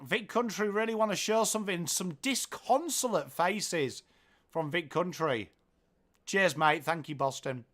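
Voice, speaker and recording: A man from England hosts a livestream watchalong, calling the game live and chatting with viewers as he goes. His high voice is unhurried, casual and talkative, and he reads comments aloud, getting excited when goals go in.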